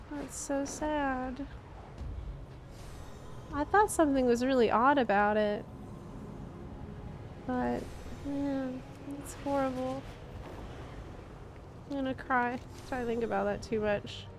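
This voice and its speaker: Amid background noise, a high-pitched woman plays a video game on stream and talks casually with viewers while she plays. Her reactions are expressive and emotional, and she is chatty throughout.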